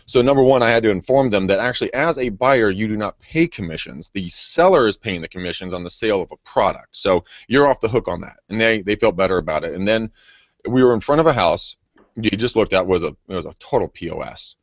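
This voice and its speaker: A man with a lowish voice tells stories in a loose, animated way and laughs a lot. The sound is dull and lo-fi, and the room is dry with no echo. He is a real estate agent. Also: quick pace. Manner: animated, laughs often, acts out quotes. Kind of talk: casual storytelling.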